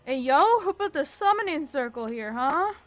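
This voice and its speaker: A woman's voice: high voice, expressive, normal speed, no room sound. A young woman playing a tabletop game, brash and joking with lots of slang. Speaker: player. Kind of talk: casual chat during a tabletop game.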